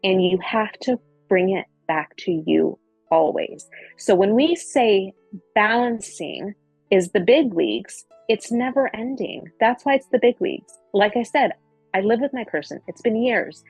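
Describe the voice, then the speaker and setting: A woman's voice: medium pitch, animated, unhurried, creaky, darkish tone, breathy edge, no room sound, soft background music, rough recording. A middle-aged woman giving a casual spiritual coaching talk, earnest and repeating phrases for emphasis.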